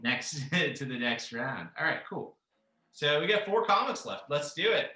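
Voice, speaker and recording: A man's voice: fairly high pitch, very animated, measured pace, bright, forceful tone. A man hosting a casual comic debate, laid-back and hesitant with many ums. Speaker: host and moderator. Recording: roomy echo.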